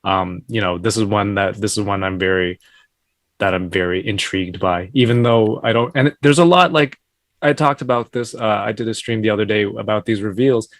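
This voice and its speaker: A man's voice: fairly low pitch, normal speed, dry recording. A man in a casual chat, rambling and restarting his thoughts as he talks.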